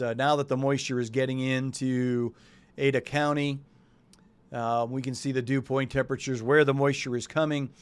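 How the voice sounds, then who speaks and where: With a clean, medium-pitched voice, a New Englander walks through the forecast on his weather show. The casual live talk is loose and chatty, with him thinking out loud as he goes.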